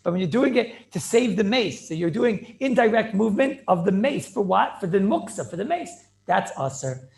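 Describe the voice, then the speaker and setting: A man, a rabbi, teaching a Talmud class over a video call in an excited, rapid way, repeating himself and asking rhetorical questions. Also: high voice, creaky. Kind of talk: animated yeshiva-style lecture.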